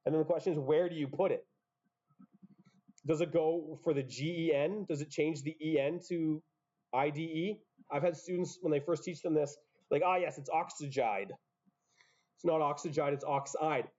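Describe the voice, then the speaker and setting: A man's voice: on the high side, dark tone, muffled recording. A man teaching a chemistry class, explaining step by step with offhand asides. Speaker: high school chemistry teacher. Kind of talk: classroom lecture.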